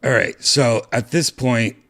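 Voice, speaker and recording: A man's voice: medium pitch, measured pace, noisy background. A man hosting his own show, telling a rambling story and putting on voices for the people in it. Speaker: podcast host. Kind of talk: casual storytelling vlog.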